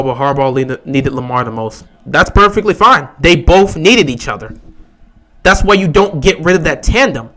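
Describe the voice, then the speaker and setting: A man with a slightly higher-than-average voice hosts a casual fan livestream about football. He argues his opinions emphatically and repeats points to drive them home. Between his arguments he answers questions from viewers. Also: fairly bright tone. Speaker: livestream host.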